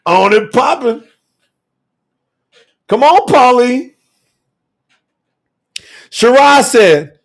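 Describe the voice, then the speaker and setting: Exuberant, high-voiced male preacher. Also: lively intonation, very slow, long pauses. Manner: exuberant, laughing, calls out viewers by name. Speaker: scripture teacher hosting a telethon session. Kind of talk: animated preaching with commentary.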